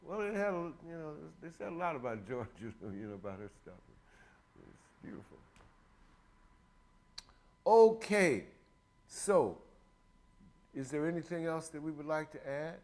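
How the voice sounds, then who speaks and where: An older man in his sixties hosts an easygoing show, rambling from one thought to the next and cracking jokes. His pitch swings widely and expressively, and he often breaks into laughter. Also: sing-song, unhurried, long pauses, darkish tone. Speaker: host. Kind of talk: casual chat.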